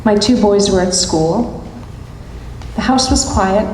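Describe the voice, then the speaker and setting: Middle-aged woman storyteller, unhurried and pausing, heard in a roomy hall with a long reverb tail. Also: mid-range voice, a little mellow, slight background noise. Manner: deliberate, dramatic pauses between short phrases. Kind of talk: live storytelling performance. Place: stage at a live event hall.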